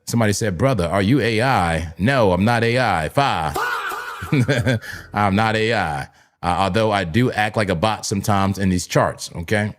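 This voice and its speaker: A man's voice: fairly low pitch, moderate pace. Hyped man hosting a trading livestream. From New Jersey. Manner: hyped, repetitive, chatty with viewers. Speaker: livestream crypto trading host. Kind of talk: casual live-stream commentary.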